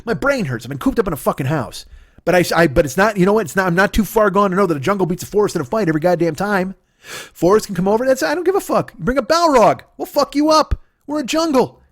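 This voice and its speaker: A middle-aged male comedian rants fast and high, his pitch leaping all over as he argues with himself in a rambling, profane stream. The sound is dry and close, with no room echo. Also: lively intonation. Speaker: comedian and podcast host. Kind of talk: solo comedic rant. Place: at home.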